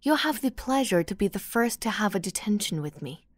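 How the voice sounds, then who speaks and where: A woman's voice: medium pitch, lively intonation, a little fast, no room sound, close to an everyday voice. Teasing young male teacher, smug and playful, as a woman narrator voices him; keep it dry and close. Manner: smirking, taunting. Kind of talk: audiobook character voice.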